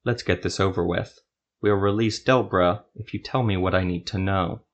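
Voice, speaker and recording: A hard, desperate witcher mercenary growls out his threats in a low, grim voice, as a man puts him on. He speaks tersely in a storybook reading, with no warmth to spare. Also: steady tone, normal speed, lo-fi sound, close to an everyday voice. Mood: growling threat.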